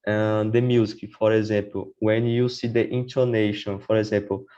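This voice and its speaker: A man's voice: lowish voice, little pitch movement, normal speed, mellow, lo-fi sound. A man speaking as a guest on a casual podcast about learning English. He talks hesitantly, often saying "for example" and "right?".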